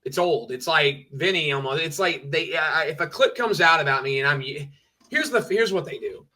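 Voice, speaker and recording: A man's voice: fairly high pitch, normal speed, sharp tone. A man ranting on a livestream, emphatic and repetitive, talking over and over the same point. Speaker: streamer.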